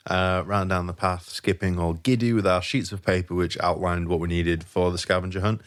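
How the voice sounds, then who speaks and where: A man's voice: low voice, fairly even intonation, normal speed. A man co-hosting a podcast, telling a story in casual chat, jokey and laughing along. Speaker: podcast co-host.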